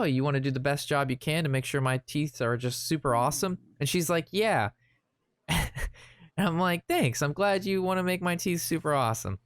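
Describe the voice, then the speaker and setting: A man chatting casually while playing a card game, retelling an anecdote in an animated, rambling way. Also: medium pitch, clean tone, no echo, studio quality. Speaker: gaming streamer. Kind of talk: casual gameplay commentary with storytelling.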